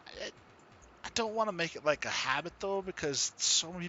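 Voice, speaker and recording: A man chatting casually with viewers while he streams a farming game, easygoing and quick to laugh. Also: medium pitch, sharp tone, dull audio, slight background noise. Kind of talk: casual live-stream chat.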